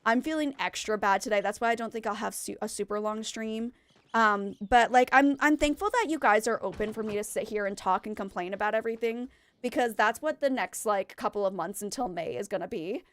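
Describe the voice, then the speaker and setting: A woman's voice: medium pitch, fairly quick, a bit bright, no echo. A young adult woman streaming a game and chatting candidly with her viewers, venting emotionally and often restarting her sentences. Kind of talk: casual chat with viewers while gaming.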